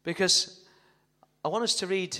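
A man's voice: sits high, measured pace, bright, forceful tone. A man preaching a sermon as pastor, telling the story dramatically and joking with the congregation. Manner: dramatic storytelling, jokey asides to the audience. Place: church hall. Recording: echoey church hall reverb.

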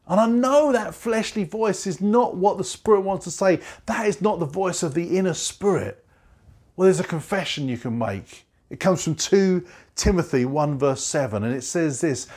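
A male pastor delivers a sermon, his slightly high voice swinging widely in pitch. He stresses and repeats key phrases, slowing and dropping low whenever he quotes scripture. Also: animated, darkish tone.

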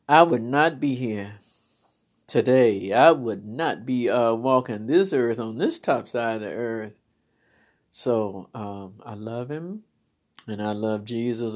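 A woman's voice: very deep voice, a little mellow. Storytelling woman preacher. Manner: storytelling, laughs while telling. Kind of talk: testimony sermon.

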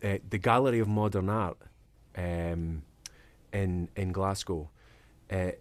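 A man's voice: low voice, fairly even intonation, slow, no echo. A man guesting on a podcast as an actor, chatting casually, laughing often and trailing off into fillers. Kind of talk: casual chat.

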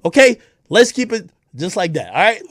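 A man with a podcast delivering an aggressive, profane callout, taunting and often shouting. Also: sits high, very animated, moderate pace, very noisy. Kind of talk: heated callout rant to camera.

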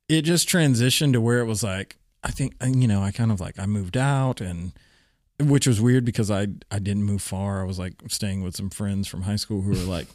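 A man chatting casually with an old friend, joking and reminiscing, his voice leaping up when he gets excited. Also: no room sound, clean studio sound. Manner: joking, animated, jumps up in pitch when excited. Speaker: guest, old friend and former housemate. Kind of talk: casual conversation.

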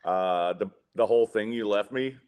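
A man hosting a podcast, chatting in a laid-back, rambling way with halting restarts. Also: lowish voice, a little mellow, clear, resonant tone. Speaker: podcast host. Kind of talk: casual podcast chat.

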